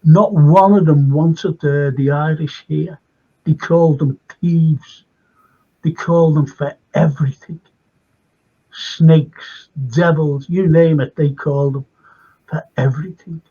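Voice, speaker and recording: Older Liverpool-accented male guest, retired lecturer, rambling and emphatic, raspy voice, muffled recording. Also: a little high, steady tone, slow pace, warm tone. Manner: rambling, repeats phrases, emphatic. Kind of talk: casual conversation.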